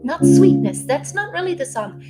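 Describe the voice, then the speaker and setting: A woman's voice: sits high, huge pitch swings, normal speed. A woman singing teacher talking casually through a vocal lesson, breaking off to demonstrate. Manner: chatty, demonstrating by singing snippets. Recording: loud music playing behind.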